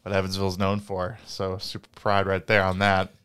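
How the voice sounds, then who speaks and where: A man's voice: sits low, monotone, moderate pace, fairly bright tone, clean tone. A man co-hosting a podcast, chatting casually and rambling with lots of fillers and restarts. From Indiana, US. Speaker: podcast co-host. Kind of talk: casual chat, reading listener comments.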